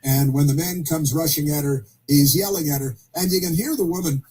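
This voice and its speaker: A man hosting opinionated talk radio, speaking haltingly with many fillers and restarts and dropping sarcastic asides. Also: a little high, mellow, slight background noise.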